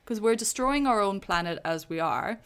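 A woman's voice: medium pitch, expressive, normal speed, clear, resonant tone. A woman co-hosting a casual film chat, enthusiastic and sweary, eager to share fun facts. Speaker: podcast co-host. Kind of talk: casual chat about films.

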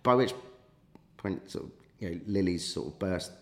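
A man's voice: deep voice, expressive, normal speed. A man, a podcast guest, telling a long anecdote in casual chat with many fillers and restarts.

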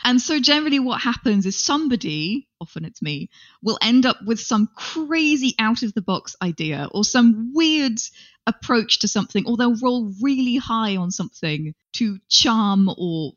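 A woman's voice: fairly high pitch, moderate pace. Chatty woman on a muffled line. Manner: chatty, animated, playful asides. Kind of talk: casual conversation. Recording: slightly dull audio.

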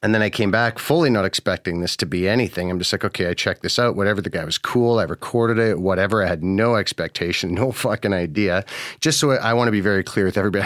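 A man's voice: low voice, quick pace, fairly bright tone, no echo. A man hosting a podcast, telling a story casually, laid-back and sarcastic, swearing often. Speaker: podcast host.

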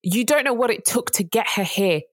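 A woman's voice: on the high side, animated, brisk, dry recording. A woman, co-hosting a casual chat and telling a story in an earnest way that rises to indignant emphasis. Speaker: podcast co-host.

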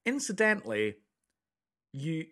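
A man's voice: fairly high pitch, very animated, unhurried, a bit bright. A man co-hosting a casual film podcast, retelling scenes with dry humour and repeated words. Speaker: podcast co-host.

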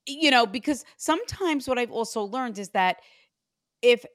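Animated woman psychic medium, dry sound. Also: a little high, moderate pace, no room sound. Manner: animated, acts out the spirit's voice in quotes. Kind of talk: spirit reading session.

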